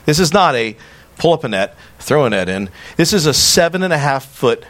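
A pastor preaching a sermon in a conversational way, often repeating words and telling personal stories. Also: male voice, on the high side, sing-song, fairly quick, a bit bright.

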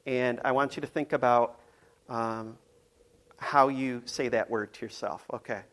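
A man's voice: mid-range voice, steady tone, measured pace, a bit bright. A man preaching a casual, conversational sermon, playful and full of ums and restarts. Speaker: pastor.

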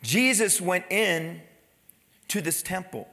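Bright high-voiced preaching man. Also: lively intonation, slow, vocal fry, long reverb tail. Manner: dramatic preaching, acting out crowd voices. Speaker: pastor. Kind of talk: sermon.

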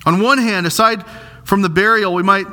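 A man preaching a sermon, earnest and emphatic, slowing down to stress repeated phrases. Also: sits high, steady tone, sharp tone. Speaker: pastor.

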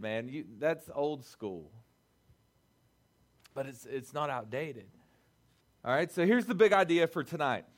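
A man preaching a relaxed, conversational youth-group sermon, often checking in with the listeners and restarting his phrases. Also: high voice. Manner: loose phrasing with restarts and fillers. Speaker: youth pastor.

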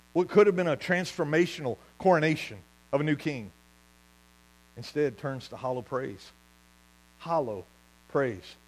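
A man preaching a sermon as pastor, telling stories with lively asides and laughing at his own jokes. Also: medium pitch, poor audio.

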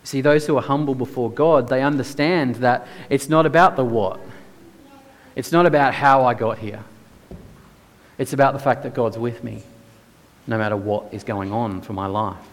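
A man's voice: medium pitch, moderate pace, long reverb tail. A man preaching a sermon in a church, earnest and emphatic, firing off rhetorical questions.

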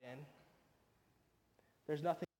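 A man preaching a sermon, emphatic and swinging between loud, pressing lines and hushed ones. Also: on the high side, takes it slowly, in a large hall.

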